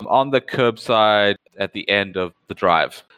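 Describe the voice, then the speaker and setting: A male game master narrating a tabletop game, piling up details as he sets each scene. His voice is bright and smooth, recorded close with a dry sound. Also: fairly low pitch, measured pace, no room sound. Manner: descriptive, fond of lists of details.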